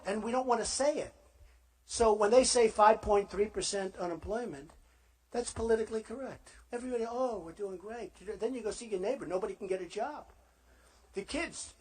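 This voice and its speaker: A man's voice: very high-pitched, slightly rough. A man running for president gives a rambling, boastful campaign rally speech to a live crowd and repeats himself often. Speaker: presidential candidate.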